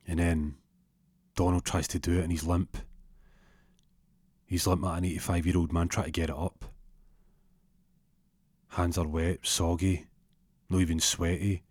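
A man telling an improvised comic story, animated, jumping into high put-on voices for the characters. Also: unhurried, long pauses, husky, no room sound.

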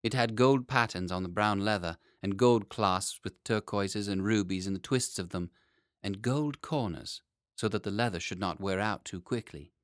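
A man narrating a children's story in an expressive, playful way. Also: lowish voice, moderate pace, no echo, clean studio sound. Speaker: audiobook narrator.

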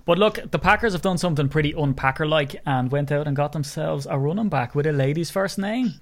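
A man's voice: on the high side, a little fast. A young man with an Irish accent hosting a casual sports podcast, joking and swearing freely. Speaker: podcast host. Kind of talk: casual chat.

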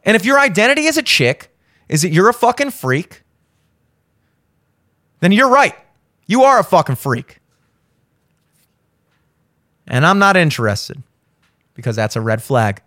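A man's voice: high voice, big pitch swings, a little slow, pauses often, pushed and bright, no echo, studio quality. A man hosting a show, ranting bluntly about relationships with heavy swearing and insistent repetition. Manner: insistent, repeats points for emphasis. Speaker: show host. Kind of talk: blunt opinion monologue.

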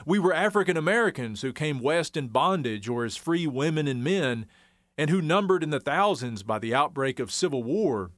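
A man's voice: on the high side, lively intonation, moderate pace, a bit bright, no echo. A man from the Ozarks, giving wry, folksy scripted documentary narration. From Arkansas Ozarks.

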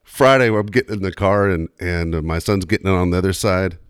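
A man's voice: deep voice, clear, resonant tone, no room sound, studio quality. A middle-aged man co-hosting a radio show, cracking crude jokes in casual banter. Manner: fast, wisecracking, crude jokes. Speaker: radio co-host.

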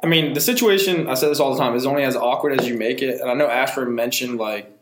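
A man's voice: medium pitch, fast, background noise. A young man co-hosting a podcast, laid-back in casual chat and laughing often. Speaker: podcast co-host. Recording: roomy echo.

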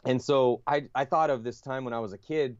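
A man's voice: medium pitch, a little fast, dry recording, lo-fi sound. A man, a podcast guest, telling a long story in a casual, rambling way, full of fillers, restarts and swearing.

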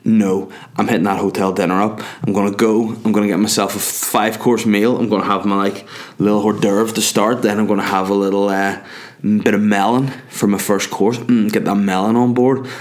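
A man voicing his old grandmother, listing a hotel dinner with relish in a low voice. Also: little pitch movement, brisk, natural voice. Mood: content.

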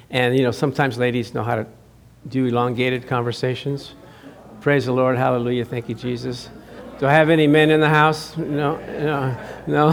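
A man's voice: mid-range voice, fairly bright tone. A middle-aged man preaching a sermon as pastor, chatty and joking with his congregation, rising to emphatic declarations.

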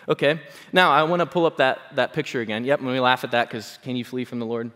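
A man's voice: mid-range voice, fast, hardly any pauses. A man preaching a sermon in a conversational, joking way, checking in with his listeners often. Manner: conversational, animated, jokes with congregation. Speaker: pastor. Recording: long hall reverb.

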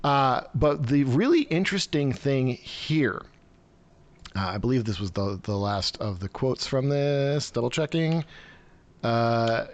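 A man's voice: medium pitch, animated, takes it slowly, dull audio. A man hosting a live stream over a video call, giving rambling, sarcastic news commentary full of fillers and restarts.

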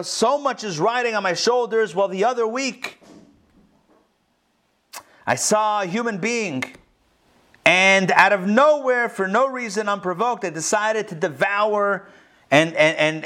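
A proud lion king confessing his misdeeds, as a man tells it in a class parable. He sounds self-pitying and stumbles over his words, in a somewhat high voice that rises above the teller's own. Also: measured pace, bright, forceful tone. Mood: sheepish.

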